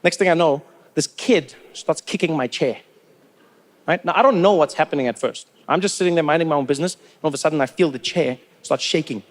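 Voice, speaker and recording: A man with a South African accent performing stand-up comedy, animated and acting out characters. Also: a little high, brisk. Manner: animated, acts out voices.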